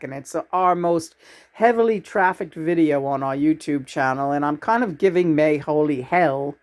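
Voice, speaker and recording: A middle-aged man co-hosting a YouTube channel, chatting casually with lots of halting restarts. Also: fairly high pitch. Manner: slow, halting, full of restarts. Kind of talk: casual chat to camera.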